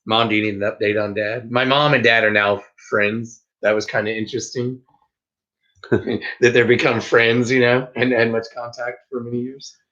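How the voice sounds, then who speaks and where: A man's voice: medium pitch, little pitch movement, moderate pace, bright, forceful tone. A man co-hosting a casual live stream, playful and chatty, who jumps into silly voices. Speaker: co-host of a reselling live show. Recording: dull lo-fi stream audio.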